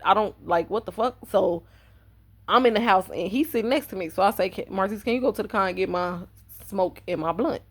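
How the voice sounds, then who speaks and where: A woman's voice: mid-range voice, brisk, slightly rough. A woman telling a personal story on her vlog in a casual, blunt and profane way. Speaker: vlogger.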